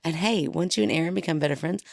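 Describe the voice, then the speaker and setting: A woman with a very low, gravelly voice banters playfully on a podcast, with a dry cough in her throat. She is recorded close and dry. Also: fast talker, darkish tone, no echo. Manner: playful, joking, breaks into silly sounds. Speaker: podcast co-host. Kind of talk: casual podcast chat.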